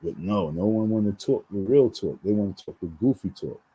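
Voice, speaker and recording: A man's voice: lowish voice, animated, fairly quick, dark tone, breathy edge, poor audio. A man venting in a heated, repetitive rant on his vlog, full of restarts and slang. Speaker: vlogger.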